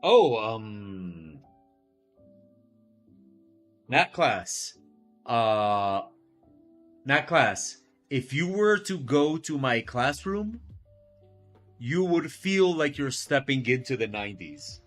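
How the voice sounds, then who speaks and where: A man chatting casually while he draws on a live stream. His talk is slow and rambling, with a lively, expressive pitch, full of incredulous questions and the odd curse. Faint music plays in the background. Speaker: teacher and live-streaming artist. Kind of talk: casual chat during a live art stream.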